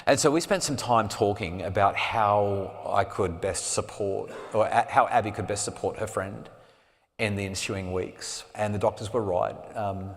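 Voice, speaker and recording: A man giving a live storytelling talk as a parenting speaker, earnest and dropping to a soft hush at emotional moments. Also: fairly low pitch. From Australia. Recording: long reverb of a hall.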